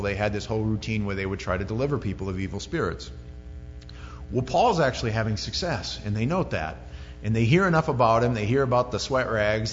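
A male pastor preaching a sermon in a conversational, joking way with many asides. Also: lowish voice. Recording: lo-fi sermon recording in a reverberant hall with faint music.

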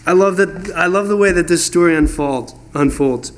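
A man's voice: high voice, normal speed, hardly any pauses, a little hiss or hum. A man preaching a sermon, reading verses and telling stories, acting out voices in the dialogue. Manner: storytelling, animated, acts out voices in dialogue. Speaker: pastor.

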